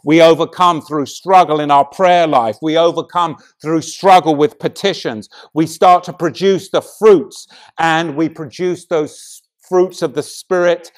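A middle-aged man with a voice on the high side delivers a sermon, moving between loud, emphatic preaching and hushed, intimate passages.

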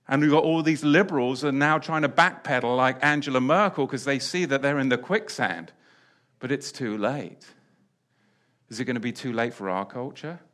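At a moderate pace and medium pitch, a man preaches a sermon, repeating key phrases and alternating between loud declarations and quiet asides.

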